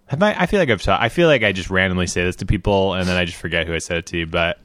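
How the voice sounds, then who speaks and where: A man's voice: deep voice, dry recording. An American man co-hosting a podcast, rambling casually and laughing easily. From United States. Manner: rambling, animated, quick laughs. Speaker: podcast co-host.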